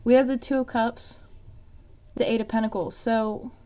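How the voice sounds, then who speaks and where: A woman's voice: a little high, steady tone, moderate pace, dark tone. A woman giving a casual tarot reading, rambling with lots of "um" and "like". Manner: rambling, many fillers like "um" and "like". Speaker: tarot reader.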